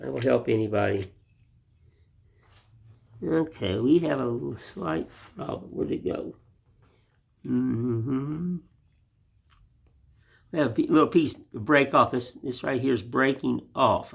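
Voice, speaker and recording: A man's voice: medium pitch, vocal fry. A man hosting his woodcarving channel from an indoor wood shop, chatting to viewers in a folksy, rambling way as he whittles. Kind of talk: casual folksy talk to viewers while whittling.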